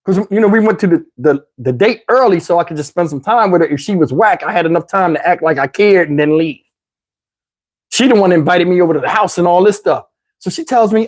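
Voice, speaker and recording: A man doing stand-up storytelling, animated and addressing the audience. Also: high-pitched, fairly quick. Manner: animated, talks to the audience, mimics voices. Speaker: comedian telling a story.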